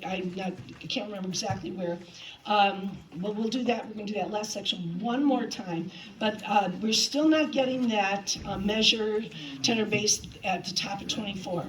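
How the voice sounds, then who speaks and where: A woman's voice: medium pitch, normal speed, rough recording. A woman directing a community choir rehearsal in a chatty way, counting beats and singing phrases to show them. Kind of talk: rehearsal instruction. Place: rehearsal hall with choir present.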